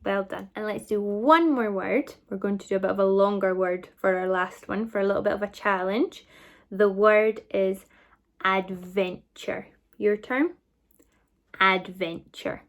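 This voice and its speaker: A woman with a Scottish accent teaching a recorded phonics lesson to children, sounding out words slowly and praising often. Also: medium pitch, fairly even intonation. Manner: slow, clear, encouraging sounding-out. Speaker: primary school teacher.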